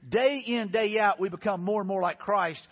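A middle-aged man, preaching a sermon as pastor, animated and telling stories with quoted dialogue. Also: high voice, moderate pace. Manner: animated, storytelling with repeated quotes. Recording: lo-fi recording in a reverberant hall.

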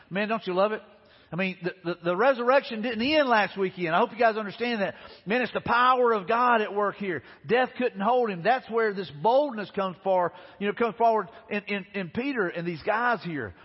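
High-voiced preaching man in an echoing hall. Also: fairly quick, slightly rough. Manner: conversational, retelling scripture with frequent restarts. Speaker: pastor. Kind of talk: sermon. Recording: reverberant hall, dull lo-fi sound.

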